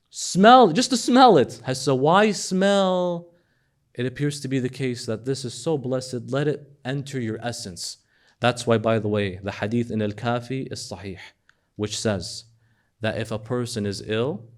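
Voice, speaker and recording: A man giving a sermon, swinging between loud emphatic questions and hushed storytelling. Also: medium pitch. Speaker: speaker at a religious gathering.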